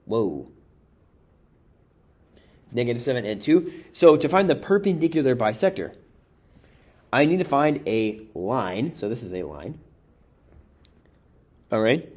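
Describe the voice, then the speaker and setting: A man's voice: mid-range voice, animated, slow pace, long pauses, darkish tone. A man teaching a math review lesson, thinking aloud as he works through problems step by step. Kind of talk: worked-example lesson.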